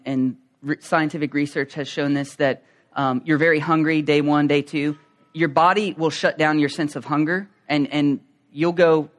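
High-voiced male preacher, conversational. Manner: builds from calm explanation to loud emphatic preaching; conversational, with fillers and restarts. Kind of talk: sermon.

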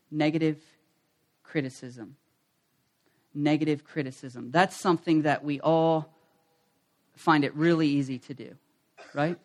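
A pastor preaching a lively sermon in a church service. The delivery is energetic, with key phrases repeated and call-and-response lines for the congregation to echo. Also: mid-range voice.

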